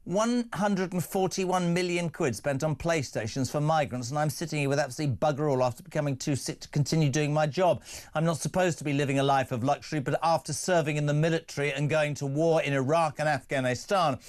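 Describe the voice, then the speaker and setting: A male talk radio host with a slightly raised pitch, working through listener messages at a brisk clip. He sounds emphatic and opinionated and puts weight on his points.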